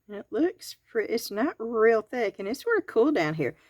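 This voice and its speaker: A woman's voice: on the high side, big pitch swings, normal speed, a little mellow, no room sound. A woman with a Southern US accent chatting homespun-style through a craft kit review in her garage, counting items aloud. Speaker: crafting video host. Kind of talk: real-time product review and tutorial. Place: home garage.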